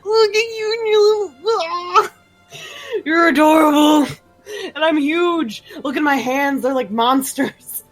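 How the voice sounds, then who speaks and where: Woman doing a teasing, giggly adventurer, slow easy delivery, faint music behind. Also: on the high side, steady tone, sharp tone. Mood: giggling. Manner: laughs through lines, teasing. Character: giggly, affectionate nonbinary adventurer.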